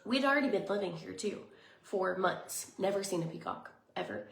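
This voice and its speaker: A woman in her thirties chatting casually in a vlog, bubbly and rambling, with lots of fillers and soft whispered asides. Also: lowish voice, very animated, fairly quick, creaky. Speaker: lifestyle vlogger. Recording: echoey room, faint noise.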